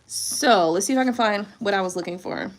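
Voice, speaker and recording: A woman tarot reader in casual chat, reading aloud from a book with chatty, animated asides and frequent laughter. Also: mid-range voice, fairly quick.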